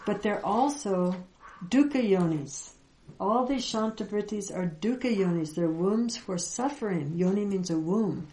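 A woman giving a reflective spiritual teaching talk, gentle and unhurried, with soft laughs and pauses. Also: medium pitch, animated, reverberant, poor audio. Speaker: Vedanta teacher.

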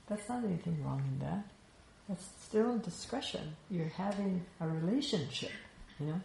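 A woman's voice: fairly low pitch, normal speed, creaky, warm tone. A woman teaching Vedanta philosophy in a reflective, conversational way, often checking in with "you know". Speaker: spiritual teacher. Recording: echoey room with faint ambient noise.

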